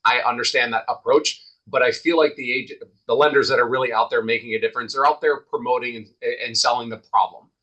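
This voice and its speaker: A man's voice: mid-range voice, fairly even intonation, a little fast, hardly any pauses, pushed and bright, poor audio. A man talking as a guest in a casual podcast interview, emphatic and repeating points for stress.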